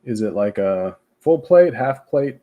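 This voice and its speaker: A man taking part in a tabletop game as a player, firing off curious questions. His voice is dark and mellow. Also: mid-range voice, sing-song. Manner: inquisitive, asks quick questions.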